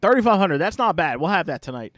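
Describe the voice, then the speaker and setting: Hosting a live gameplay stream, a man with a Long Island, New York accent keeps up casual, chatty commentary, laughing and swearing easily. His high, somewhat bright voice swings widely in pitch, and there is no echo.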